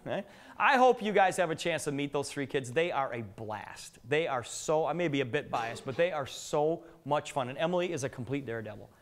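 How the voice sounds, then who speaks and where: A middle-aged man with a fairly high voice speaks to a live audience in a meeting room. He tells joking stories and keeps asking the crowd questions. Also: lively intonation, brisk. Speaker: business presenter. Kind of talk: live business presentation with anecdotes.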